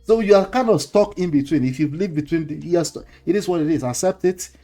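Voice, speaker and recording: A man's voice: fairly high pitch, fairly quick, dark tone, faint music behind. A middle-aged man with a Nigerian accent hosting a casual commentary show, lecturing listeners with chuckles and pidgin slang mixed in. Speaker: host.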